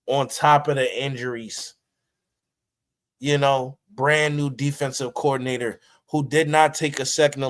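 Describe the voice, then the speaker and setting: A man delivers a heated post-game fan rant, jumping from low, muttered frustration to high, shouted outbursts and cursing freely. In between he settles into a steadier tone to read out the stats. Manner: reads stats in a flatter, steadier tone. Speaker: sports talk host.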